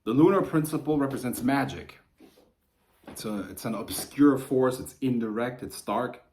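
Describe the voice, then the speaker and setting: A man teaching the occult, talking unscripted to camera in a profane, heated rant that builds to forceful outbursts. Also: medium pitch, normal speed.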